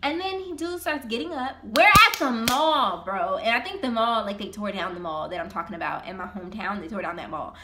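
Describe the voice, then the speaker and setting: A young woman vlogger telling a personal story in a casual, animated, slangy way. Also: mid-range voice, fast talker, few pauses, noisy background.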